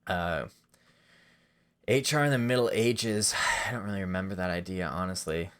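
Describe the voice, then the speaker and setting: A man casually pitching comedy sketch ideas in a rambling, self-deprecating way, full of fillers. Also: normal speed, a bit bright, clear, resonant tone. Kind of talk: casual monologue.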